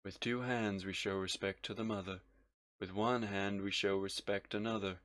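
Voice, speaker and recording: A man voicing a cold, menacing male agent in a video game, speaking slowly, low and threateningly. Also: steady tone, fairly bright tone, no echo, natural voice. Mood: cold menace. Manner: slow, low, threatening delivery.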